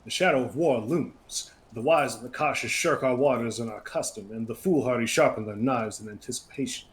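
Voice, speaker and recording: A man's voice: medium pitch, a little fast, close to an everyday voice. A man voicing a scheming male pirate chief in a thick put-on accent, drawling and sly.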